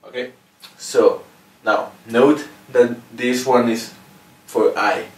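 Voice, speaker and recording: A man with a Mexican accent giving a patient, casual video lesson, often checking in with "okay?". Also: mid-range voice. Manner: patient, ends phrases with "okay?". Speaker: language teacher. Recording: roomy echo, mic at a distance.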